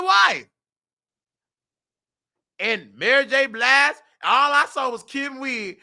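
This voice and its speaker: A man hosting a show, giving loose, slangy, animated commentary. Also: very high voice, takes it slowly, gravelly, pauses often. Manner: animated, loose slangy storytelling with sudden sung bits. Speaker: show host. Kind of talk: casual commentary.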